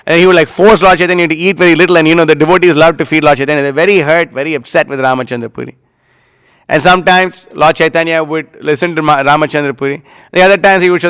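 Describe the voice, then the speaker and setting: A man's voice: a little high, steady tone, quick pace, a bit bright, clean tone, no room sound, low-quality recording. A man giving a devotional class, chanting Sanskrit verses and telling stories with emphatic acted-out quotes. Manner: chants Sanskrit verses, then explains with storytelling; emphatic, acts out quoted lines. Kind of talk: religious class talk.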